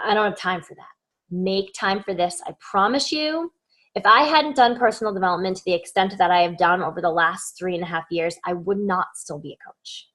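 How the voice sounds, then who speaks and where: Peppy woman coach hyping you up, kinda high voice, keeps repeating stuff for emphasis. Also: a bit bright. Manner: upbeat, emphatic, repeats words for stress. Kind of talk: casual motivational teaching.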